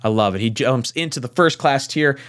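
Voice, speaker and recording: A podcast host with a mid-range voice talks fairly quickly while running a live fan panel. He reads out viewers' super chats, chats casually, and throws in animated, swearing asides.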